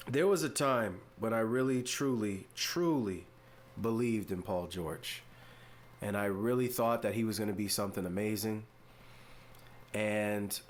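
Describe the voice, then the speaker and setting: Man hosting a casual sports podcast. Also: lowish voice. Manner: drawn-out, mock-exasperated, playful emphasis. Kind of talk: casual opinion commentary.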